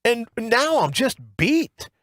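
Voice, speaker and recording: A man's voice: extremely high pitch, very animated, slow, a bit bright, dry recording, studio quality, pitched above the performer's own voice, heavily acted. A man voicing a pair of worn-out human lungs, begging for mercy in an exhausted, surrendering way. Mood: pleading, beaten.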